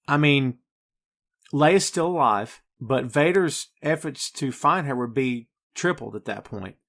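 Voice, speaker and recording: Guy hosting a movie podcast, gets really animated, talks to the folks at home. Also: on the high side. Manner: animated, addresses listeners as folks and kids. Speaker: podcast host. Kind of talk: casual movie review chat.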